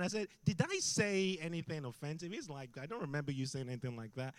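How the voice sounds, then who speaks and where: A middle-aged man preaching as a guest in a church, intense and animated, breaking into shouts as he tells stories. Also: fairly high pitch, fast talker, hardly any pauses, no echo. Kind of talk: sermon. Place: church hall.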